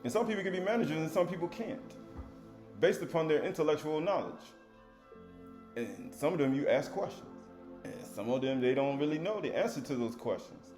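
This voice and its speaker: A man's voice: a little high, expressive, brisk, a little mellow, reverberant, faint music behind. A man preaching a Sabbath sermon in a loose, conversational way, rising to emphatic readings of scripture.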